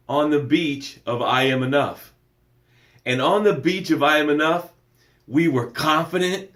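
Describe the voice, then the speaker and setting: A man hosts a live-streamed motivational show with emphatic, preacher-like energy, greeting viewers by name as he reads their comments. His voice is mid-range and fairly bright at normal speed, in an echoey room.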